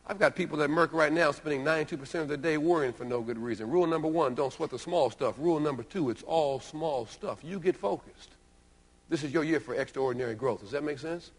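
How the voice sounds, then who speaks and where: A man delivering a playful, emphatic motivational talk to a live audience. His voice sits a little high, and long reverb from the hall trails after his lines. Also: quick pace. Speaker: motivational speaker. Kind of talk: live keynote.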